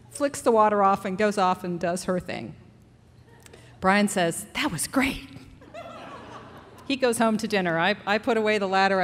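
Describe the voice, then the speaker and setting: A woman tells a story from a live stage, her voice lively and expressive, rising in pitch as feeling takes over. The sound carries a long hall reverb around her words. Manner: animated, building to emotional outbursts.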